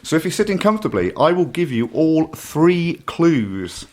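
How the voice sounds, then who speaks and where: Guy co-hosting, hammy quizmaster vibe, pitch jumps around a lot. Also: big pitch swings, darkish tone. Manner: playful showman, teasing with drawn-out build-ups. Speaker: co-host running a quiz segment. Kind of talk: casual chat.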